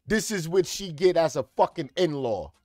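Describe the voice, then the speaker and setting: A man giving profane comedic reaction commentary, ranting and breaking into sudden shouted outbursts. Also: on the high side, lively intonation, normal speed, no echo, soft background music.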